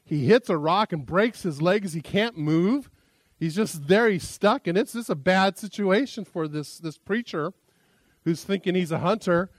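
A man's voice: high voice, animated, unhurried, dry recording. A man preaching a sermon as pastor, a chatty, self-deprecating storyteller who often restarts his sentences.

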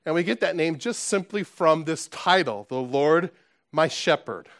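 A man delivers a sermon with earnest emphasis. His voice sits a little high for a man. He restarts phrases often and keeps asking his listeners rhetorical questions. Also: expressive, a little slow, no room sound, clean studio sound. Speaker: pastor.

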